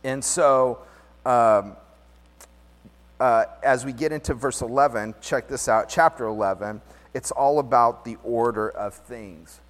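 A man preaching a conversational sermon as pastor, lively and slangy, mixing scripture with everyday stories. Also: mid-range voice. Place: church hall. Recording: long hall reverb.

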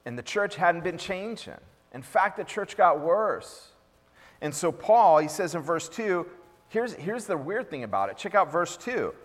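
High-voiced man preaching in a reverberant hall. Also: sing-song, a little slow. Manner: emphatic, repetitive preaching with acted quotes. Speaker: pastor. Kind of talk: sermon.

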